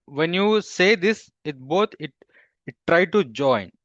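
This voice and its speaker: Male instructor, mid-pitched, dry dull lo-fi sound, halting delivery with fillers, quizzes the class. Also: expressive, fairly bright tone, no room sound. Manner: halting, with frequent fillers and restarts. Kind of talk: live coding class.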